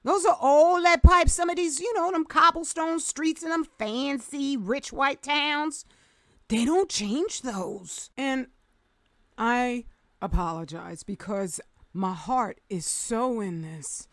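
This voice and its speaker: A woman with a high voice delivers an impassioned vlog rant, emphatic and sarcastic by turns. The sound is close and dry, with no room around her. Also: takes it slowly, dry recording. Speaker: vlogger.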